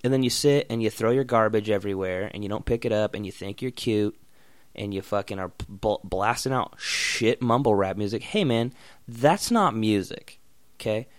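A young man in a casual, profane rant, blunt and loud in bursts, then muttering. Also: fairly low pitch, a little fast, clear, resonant tone, no room sound. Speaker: vlogger.

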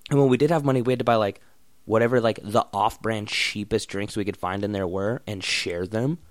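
A young man in a casual, profane rant, blunt and loud in bursts, then muttering. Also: lowish voice, steady tone, a little fast, dry recording. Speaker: vlogger.

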